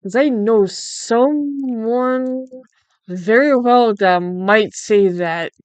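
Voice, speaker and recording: A woman's voice: fairly high pitch, very slow, clear, resonant tone, dry recording. A young woman livestreamer chatting casually, incredulous and swearing freely. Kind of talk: casual chat while drawing.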